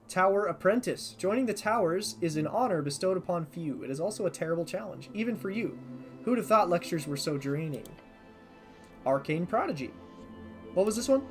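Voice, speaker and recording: A streamer playing a game for the first time, reading the on-screen text aloud and thinking out loud, sometimes tripping over unfamiliar words. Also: medium pitch. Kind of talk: casual let's-play commentary.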